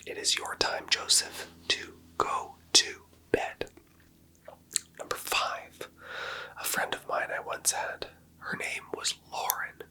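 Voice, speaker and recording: Here an ASMR creator, a man, speaks in a breathy whisper that is soft, slow and teasingly playful.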